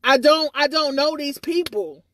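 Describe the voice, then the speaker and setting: Agitated high-voiced woman ranting on a livestream. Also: measured pace, a bit bright. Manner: agitated, rambling, repeats herself; swears freely, stammers on restarts. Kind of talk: casual live-stream rant.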